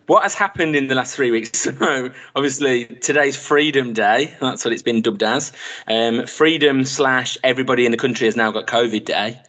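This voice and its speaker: Bloke co-hosting, laughs a lot, slangy, mid-pitch everyday voice. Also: male voice, normal speed, a bit bright. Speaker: podcast co-host. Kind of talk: casual chat among friends.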